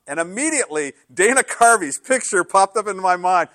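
An older pastor preaches a sermon in a high, fairly quick voice, telling stories and shifting his voice vividly to act out inner dialogue. The recording is studio quality with no room sound.

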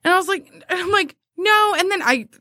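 Woman, high voice, bright tone, animated storyteller, dry close sound. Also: fast talker, no echo. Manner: animated, laughs often, acts out quotes. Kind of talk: casual storytelling chat.

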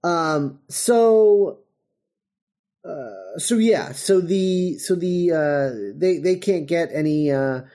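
A man's voice: a little high, lively intonation, extremely slow, warm tone. A man hosting a podcast, recapping a TV episode in a rambling, casual way with many restarts. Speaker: podcast host.

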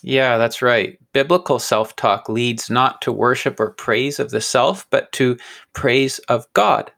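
Read this as a man explaining scripture to a co-host in a relaxed, earnest way. His voice has a gravelly edge, and he sometimes trips over small words and repeats them before going on. Keep it sincere and unhurried, like teaching someone across the table. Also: mid-range voice. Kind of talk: conversational Bible teaching.

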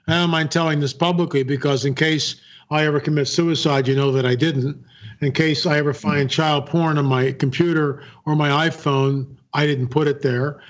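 A man's voice: on the high side, steady tone, moderate pace. A man, a guest filmmaker, telling a story in an interview, earnest and repeating key phrases. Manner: earnest, repeats phrases, acts out quoted dialogue.

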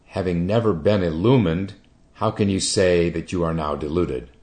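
A man voicing a calm old male Chan master with a dry wit, questioning in a measured, quietly pointed way. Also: deep voice, close to an everyday voice. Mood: probing.

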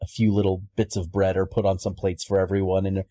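A man's voice: deep voice, monotone, a little fast, warm tone. A man narrating a tabletop game as game master, hesitant with many restarts.

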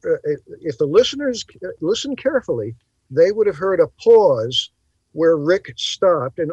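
A man hosting a bible talk show, explaining in a teacherly way and pausing to stress his points. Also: fairly high pitch, a little mellow, husky, no echo, lo-fi sound. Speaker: podcast host.

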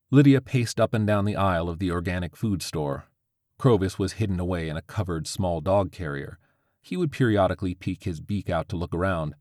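A man narrating a story with a steady, even reading. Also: deep voice, fairly quick, dry recording, clean studio sound.

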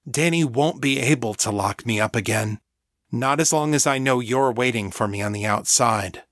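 A brave young man comforts someone in a soft, tender voice, read by a male narrator. The pitch is mid-range and the sound is dry and close. It is audiobook drama. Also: moderate pace, no echo, lightly acted.

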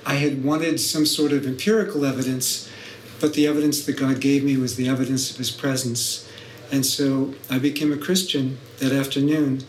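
A man's voice: mid-range voice, flat delivery, moderate pace, echoey room, a little hiss or hum, rough recording. A middle-aged man, a guest professor, recounting his story thoughtfully with dry humour. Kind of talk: podcast interview.

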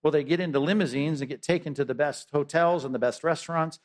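A man's voice: a little high, fast talker. A man preaching a sermon as pastor, conversational, with frequent rhetorical asides.

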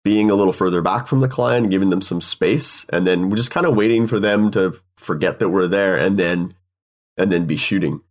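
A man's voice: sits low, normal speed. A man, a photographer, agreeing and explaining his approach in long, looping sentences in a casual talk. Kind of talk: casual podcast conversation.

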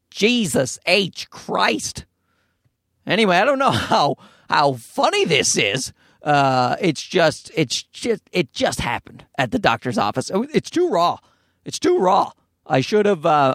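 Young man, podcast host, gravelly voice, profane rambling rant, dry sound inside a parked car. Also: dry recording. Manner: profane, rambling, animated with jumps to high pitch. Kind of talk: casual solo podcast rant.

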